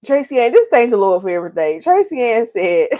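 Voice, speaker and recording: A woman's voice: on the high side, brisk. Laughing woman hosting a livestream. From North Carolina, US. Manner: laughs often, teasing, animated, Southern Black vernacular. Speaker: hair care livestream host. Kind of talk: casual livestream chat reading comments.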